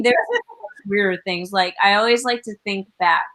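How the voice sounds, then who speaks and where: A woman in relaxed group chat on a video call, her voice sitting at a middling pitch. She rambles through stories with plenty of "like" and "um." She breaks into giggles along the way. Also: measured pace, low-quality recording. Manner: giggly, rambling with many fillers. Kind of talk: casual chat.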